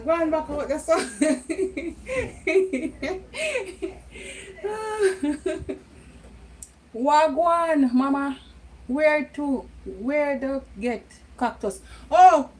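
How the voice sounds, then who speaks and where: Here a middle-aged Jamaican woman vlogs from home in a casual, chatty way, often laughing and switching into patois. She speaks at normal speed in a high voice, on a low-quality recording.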